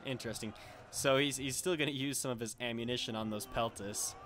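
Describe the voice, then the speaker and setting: A young man casually commenting on a strategy game battle in a relaxed, rambling way, a little under the weather. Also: mid-range voice, fairly quick, a little hiss or hum. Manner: relaxed and rambling, with frequent filler and self-corrections. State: slightly under the weather, occasional coughing.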